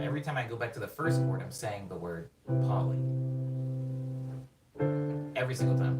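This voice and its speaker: A man on a live production stream, excitedly explaining rhythm while rambling and interrupting himself, sometimes singing words on the beat. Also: on the low side, fairly quick. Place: home studio during a live production stream. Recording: roomy room sound, mic at a distance, faint music.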